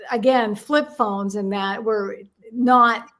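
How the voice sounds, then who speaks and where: An older woman, a guest in an interview, telling anecdotes in an animated way and acting out the dialogue she quotes. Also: medium pitch, slow pace. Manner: animated storyteller who acts out quoted dialogue. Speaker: guest numerologist. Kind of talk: casual storytelling interview.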